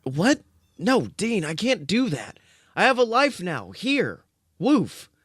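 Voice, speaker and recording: A man voicing a big, anxious male dog, the younger brother, with high, strained barking yelps. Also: huge pitch swings, slow, fairly bright tone, husky, no room sound, clean studio sound, full character voice. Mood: pleading.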